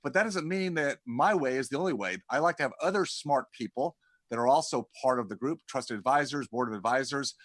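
A man's voice: mid-range voice, a little fast, fairly bright tone, no echo. A man speaking as a guest in a conversational interview, rambling and often repeating words as he starts his sentences. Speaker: podcast guest, dentist and community founder.

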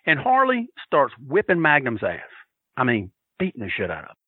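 A man telling a story on a podcast, loud and profane, acting out the shouts of the crowd with laughter. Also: medium pitch, wildly swooping pitch, normal speed, slightly rough, no room sound, phone-quality sound. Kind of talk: animated storytelling.

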